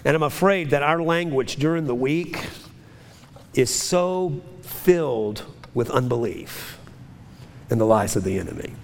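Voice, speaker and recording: A man's voice: mid-range voice, expressive, unhurried, big-room sound, slight background noise. A pastor leading his congregation through a spoken confession of faith, declaiming in emphatic rising phrases.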